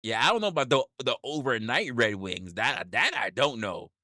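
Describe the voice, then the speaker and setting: A man's voice: medium pitch, expressive, moderate pace, bright, forceful tone, no room sound, clean studio sound. A man hosting a livestream, reading chat aloud and reacting with repeated exclamations, swearing and laughter.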